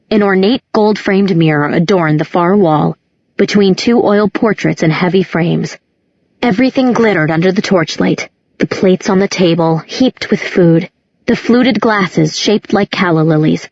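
A woman narrating a novel aloud as an audiobook narrator, in a measured, even reading. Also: fairly low pitch, breathy edge, no echo. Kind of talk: scripted narration. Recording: dull lo-fi audiobook recording.

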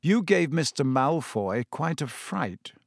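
A man voicing a calm, kindly male teacher who speaks softly and slowly. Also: on the high side, gravelly, no echo, clean studio sound, heavily acted. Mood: gentle.

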